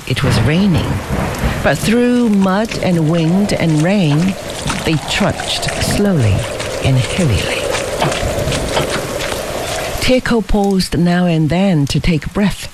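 An audiobook narrator reading a classic story in a measured, expressive way. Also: medium pitch, background noise.

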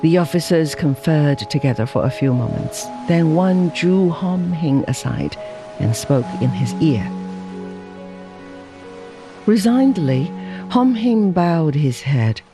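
Slow, lively male storybook narrator. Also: on the high side, music in the background. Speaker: audiobook narrator.

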